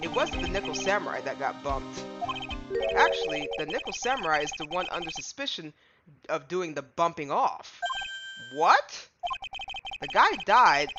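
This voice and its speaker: A woman's voice: fairly low pitch, very animated, normal speed, voice pushed down. Woman doing a blustering clumsy cop. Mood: explaining. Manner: gruff, blustery, says "pal". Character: clumsy blustering male police detective. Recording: dull audio with game music.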